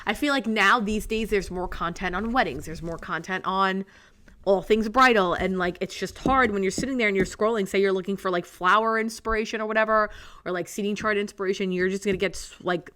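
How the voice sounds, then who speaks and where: A woman's voice: mid-range voice, fairly quick, sharp tone. A woman co-hosting a casual podcast, blunt and teasing, swearing a lot. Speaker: podcast co-host, small business owner.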